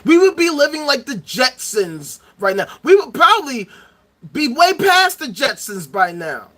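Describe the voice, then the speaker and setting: A man's voice: very high-pitched, very animated, unhurried, pushed and bright. A man ranting angrily into the camera, profane and heated, hammering points home by repeating them. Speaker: vlogger. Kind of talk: angry ranting monologue.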